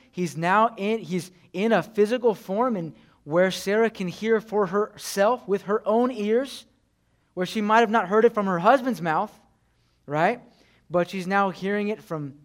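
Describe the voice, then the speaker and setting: A young man preaching a conversational sermon, chatty, with frequent "right?" and "you know". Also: high-pitched. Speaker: pastor.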